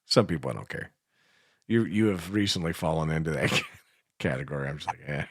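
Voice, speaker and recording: A man's voice: a bass voice, lively intonation, a little fast, slightly rough, no echo, clean studio sound. A man with an Appalachian accent co-hosting a radio show, swearing and laughing through self-mocking stories in casual chat. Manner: foul-mouthed, laughs often, self-mocking storyteller. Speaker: radio co-host. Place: radio studio.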